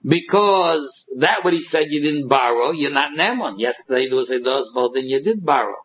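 A man's voice: medium pitch, animated, normal speed, fairly bright tone, husky. A man giving a Talmud lecture, explaining each passage by acting out both sides of the dispute. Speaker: Talmud teacher. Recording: dull lo-fi recording.

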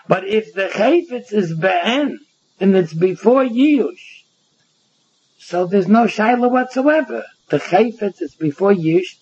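A man giving a Talmud lecture, animated, acting out both sides of the case. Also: high-pitched, breathy edge. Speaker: Talmud teacher. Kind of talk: Talmud lecture in Yeshivish English. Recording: dull lo-fi recording.

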